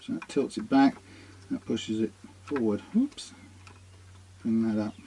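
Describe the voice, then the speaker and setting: A man's voice: lowish voice, fairly even intonation, normal speed, creaky, mellow, a little hiss or hum. A man working as a guitar technician, talking himself through a hands-on workshop demonstration in a musing way.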